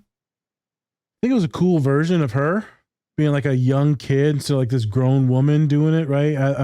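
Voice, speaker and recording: A man's voice: mid-range voice, mellow, dry recording, studio quality. A man co-hosting a casual podcast, blunt and joking, rambling through his points. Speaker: podcast co-host.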